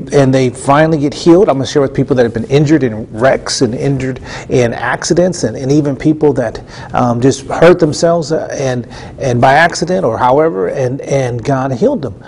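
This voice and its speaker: A man's voice: mid-range voice, darkish tone, a little hiss or hum. A middle-aged man hosting a Christian TV show, preaching in a conversational, earnest way with repeated phrases and frequent restarts. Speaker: TV ministry host and preacher. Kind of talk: conversational sermon teaching.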